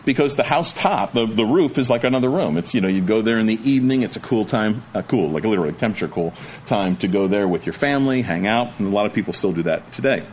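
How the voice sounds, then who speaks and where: A man's voice: lowish voice, expressive, quick pace, a little hiss or hum. A male pastor preaching a sermon, reading scripture aloud and then explaining it in a chatty, folksy way with joking asides to the congregation.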